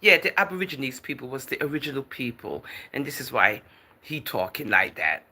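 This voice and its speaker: A woman chatting live on her stream and answering viewer comments in a teasing, easygoing way. Her voice is bright and clear, and her pitch jumps around a great deal as she talks. She calls viewers darling and girl and laughs often. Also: very animated, a little fast. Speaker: livestream host. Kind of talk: casual livestream chat, reading out viewer comments.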